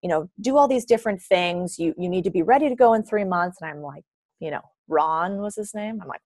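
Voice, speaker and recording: A young woman telling a story in a podcast interview. She is animated and jumps into the voices of the people she quotes. The sound is close and dry. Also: lowish voice, fast, no room sound. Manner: animated, acts out quoted dialogue. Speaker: guest.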